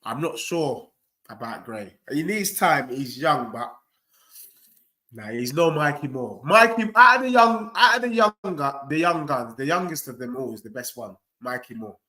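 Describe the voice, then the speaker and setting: Expressive and on the high side, a young man's pushed, bright voice runs at normal speed as he hosts a football watchalong. He's cocky, trash-talks freely, and responds straight to his chat in typical live-stream banter.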